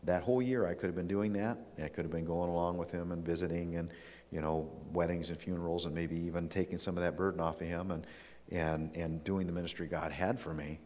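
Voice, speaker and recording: Deep-voiced man preaching in a hall. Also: fairly even intonation, fast, darkish tone. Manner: earnest, personal storytelling with frequent restarts. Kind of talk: sermon.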